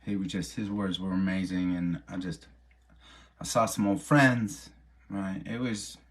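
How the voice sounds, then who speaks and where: A middle-aged man spins a casual road story for viewers. His voice sits on the low side, and he talks in an animated, loose way, tossing in "right?" and a swear now and then. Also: measured pace. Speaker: musician hosting an online show.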